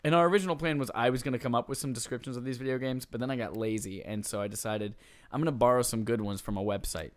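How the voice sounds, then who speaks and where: A man's voice: mid-range voice, fast talker, dry recording. Playful young man co-hosting a podcast. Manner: playful, jokey, reads quiz clues aloud. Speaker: podcast co-host. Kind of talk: casual chat.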